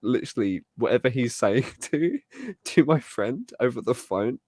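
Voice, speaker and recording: A man's voice: mid-range voice, animated, normal speed, a little mellow, no echo, studio quality. A man co-hosting a podcast in casual chat, amused and chuckling as he talks. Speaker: podcast co-host.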